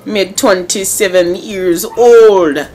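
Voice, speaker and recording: A woman putting on a Jamaican accent, voicing a laid-back young woman with a slow, easy delivery. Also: mid-range voice, darkish tone, soft background music, close to an everyday voice. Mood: easygoing. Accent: put-on Jamaican.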